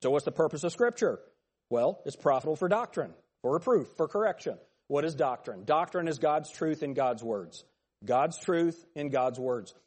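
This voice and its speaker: Man, slightly high voice, casual Bible class teacher, long hall reverb. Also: animated, moderate pace, a little mellow, slightly rough. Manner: conversational, addresses students by name, jokes.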